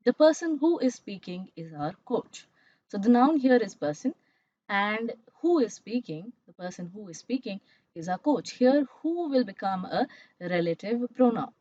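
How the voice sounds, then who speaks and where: A woman's voice: a little high, darkish tone. Woman teaching grammar. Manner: explanatory, checks in with "all right?" and "right?". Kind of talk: online grammar lesson. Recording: dull, slightly muffled dry recording.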